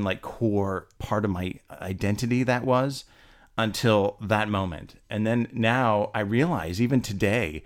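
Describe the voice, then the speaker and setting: A man casually telling a personal story, animated and laughing often, his voice rising as he gets indignant. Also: fairly low pitch.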